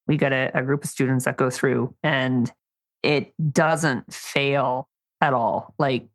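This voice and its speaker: Low gravelly-voiced woman. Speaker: podcast co-host, dog trainer. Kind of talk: casual podcast chat.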